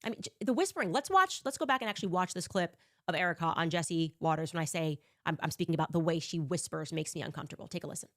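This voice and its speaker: A woman's voice: lowish voice, animated, fast, few pauses. Female commentator, pointed and critical monologue delivery.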